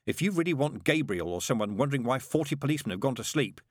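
A man's voice: medium pitch, expressive, quick pace, dry recording, studio quality, pitched above the performer's own voice, close to an everyday voice. A man voicing a prim, fussy male angel with a mild, proper manner.

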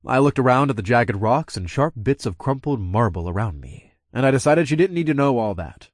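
Male narrator, casual and wry, mid-pitched, dry close-mic audiobook read. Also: very animated, fairly quick, hardly any pauses, dry recording. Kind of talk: first-person audiobook narration.

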